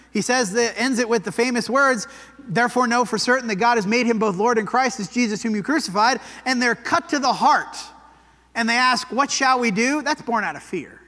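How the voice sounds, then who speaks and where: A man's voice: very high voice, bright, forceful tone. A man preaching a sermon in a church, talking conversationally and often checking in with "right?". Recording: church hall with long reverb.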